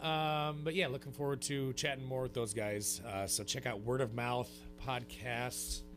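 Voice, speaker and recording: A man co-hosting a sports radio show, chatting in a relaxed, easygoing way. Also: medium pitch, moderate pace, over music. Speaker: co-host. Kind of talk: casual radio chat.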